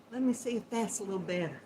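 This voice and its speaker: A woman's voice: medium pitch, a little hiss or hum, rough recording. A woman with a Southern Georgia accent, hosting a casual livestream and greeting viewers as hon and sweetheart, laughing often. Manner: warm folksy greetings with terms like hon and sweetheart; slow, chatty, laughs often. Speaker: host of a yarn chat livestream. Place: home, seated at a computer. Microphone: built-in laptop microphone.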